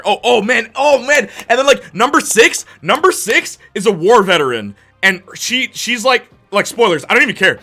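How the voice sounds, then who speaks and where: Hyped guy rambling on his stream about games, bright punchy voice. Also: high-pitched. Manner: excited, rambling, geeking out over games. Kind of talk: casual chat on a live stream.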